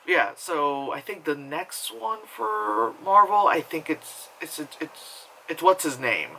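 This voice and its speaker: A man rambles through a casual movie review from home, voice bright and a touch high. He swears freely, trails off mid-thought, and laughs at his own tangents. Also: lively intonation, slow pace, vocal fry, slight background noise, poor audio. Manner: rambling, profane, self-mocking with frequent laughs.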